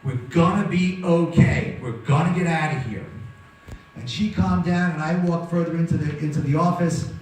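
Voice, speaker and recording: A man's voice: a little high, slight background noise. Man telling a dramatic survival story. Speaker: guest speaker. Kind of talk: storytelling talk to an audience. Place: hall with audience. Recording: very echoey hall from far off.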